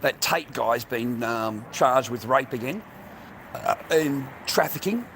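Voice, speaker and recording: A man's voice: mid-range voice, animated, takes it slowly, a bit bright. An older man with an Australian accent, livestreaming a blunt, profane street rant and calling everyone "mate" and "bro". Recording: noisy outdoor phone stream.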